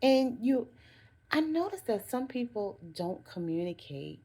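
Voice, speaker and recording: A woman's voice: fairly high pitch, very animated, measured pace, darkish tone, slightly rough. A woman talking straight to her viewers, giving earnest self-care advice and repeating phrases for emphasis. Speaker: vlogger. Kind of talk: casual motivational talk to camera.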